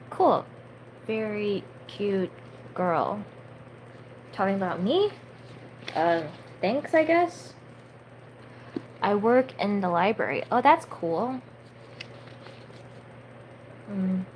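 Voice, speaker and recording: A young woman of twenty talks casually on a live stream and reads a novel aloud. She fills her speech with ums and likes and trips over hard words. Her voice sits at an ordinary middle pitch, with a faint hum of noise behind her. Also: animated, very slow, pauses often, darkish tone, poor audio. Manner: chatty, filler-heavy, stumbles over hard words. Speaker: livestreamer reading a book aloud.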